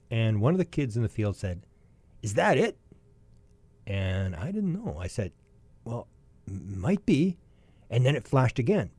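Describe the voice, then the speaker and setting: A man in his sixties telling a long personal story as a podcast guest, lively and anecdotal, often restarting his sentences. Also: fairly low pitch, no room sound. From Canada.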